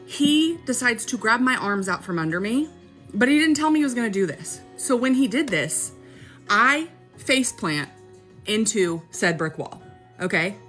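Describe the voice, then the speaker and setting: A woman's voice: a little high, animated, unhurried, fairly bright tone, soft background music. A young woman casually telling a personal story, chatty and dramatic, often checking in with her listener. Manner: chatty, keeps checking in with "okay?".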